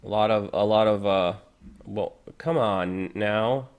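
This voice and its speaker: A man's voice: on the low side, slow pace, smooth. A man hosting a live reaction stream, chatting casually and reading viewer comments aloud.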